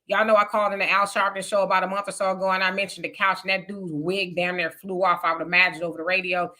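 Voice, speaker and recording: A woman's voice: on the low side, steady tone, quick pace, few pauses, sharp tone. A woman hosts a casual live-stream chat, reading viewer comments and answering them candidly. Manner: candid, conversational, reads comments aloud with asides. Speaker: live show host.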